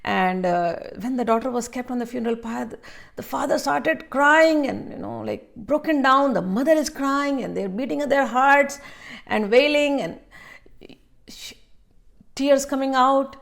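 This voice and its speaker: A woman from India telling a spiritual story aloud, halting with fillers and restarts, then more animated in the dramatic parts. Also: high voice, gravelly. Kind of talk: spoken storytelling.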